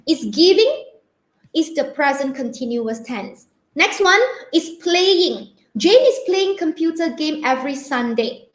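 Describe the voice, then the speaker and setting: Slow, patient woman teacher, echoey room. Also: sits high, pushed and bright. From Malaysia. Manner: slow, patient, spells words out letter by letter; peppers speech with "okay?" checks. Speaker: primary school English teacher. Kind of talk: online grammar lesson.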